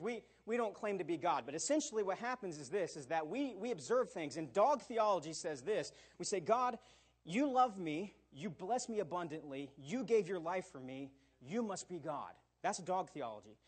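A man in middle age preaches a sermon in a high voice with a husky, breathy edge. He talks animatedly, acting out quotes and tossing in "all right?" to keep the room with him. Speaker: pastor.

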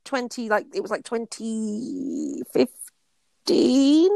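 A woman from England co-hosts a podcast, teasing and laughing easily. Her slightly high voice is croaky from a head cold. It is recorded dry and close. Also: wildly swooping pitch, warm tone, no room sound. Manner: playful, teasing, quick to laugh. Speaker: podcast co-host. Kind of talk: casual chat.

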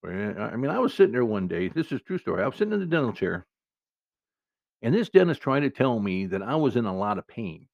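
A man's voice: mid-range voice, sing-song, fast, gravelly, a little mellow, dry recording, highs cut off. A man hosting a podcast, telling meandering comic stories in a folksy, self-interrupting way. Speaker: podcast host. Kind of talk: rambling comic storytelling monologue.

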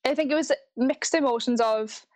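A young woman with a strong Welsh accent talks as a guest in a live online interview. Her voice sits a little high, and she chats freely, restarting words and laughing often. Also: moderate pace. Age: 20s. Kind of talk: casual interview. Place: live online video call.

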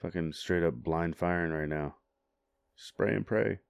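A man's voice: deep voice, unhurried, gravelly, smooth, no room sound, clean studio sound. A man chatting casually on a podcast, rambling and hesitant with lots of filler words and casual swearing. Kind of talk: casual chat.

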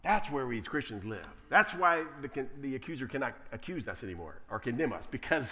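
A male preacher giving a conversational sermon, telling stories in an animated way. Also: medium pitch, a little fast, hardly any pauses. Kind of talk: sermon with storytelling.

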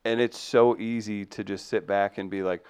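A man with a low, smooth, resonant voice, hosting a relaxed podcast talk. He is easygoing and keeps affirming his guest before adding his own thoughts. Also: normal speed. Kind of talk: casual podcast chat.

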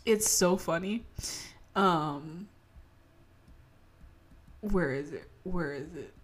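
A woman's voice: on the low side, very slow, pauses often. Twenty-something girl from maryland rambling on camera, swears a lot, keeps laughing. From Maryland, USA. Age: 20s. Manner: rambling, profane, laughs often. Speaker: vlogger. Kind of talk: casual chat to camera.

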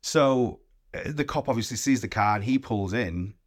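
A man chats about a film with a co-host, swearing and bursting into little voices for the characters. His pitch sits in the middle but swings widely. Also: normal speed. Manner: sweary, animated, acts out scenes. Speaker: podcast co-host. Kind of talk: casual film-review chat.

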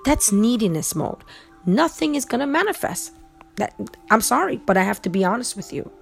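A woman's voice: a little high, sing-song, normal speed, creaky, soft background music. A woman hosting a podcast alone, giving an earnest, insistent motivational talk that repeats its points. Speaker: podcast host. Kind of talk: motivational monologue. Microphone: podcast microphone.

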